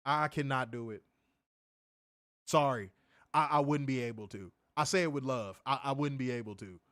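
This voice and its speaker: A man co-hosting a casual streamed chat, telling stories in an animated, profane way with loud bursts. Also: medium pitch, moderate pace, dry recording, studio quality. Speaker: co-host of a wrestling review show.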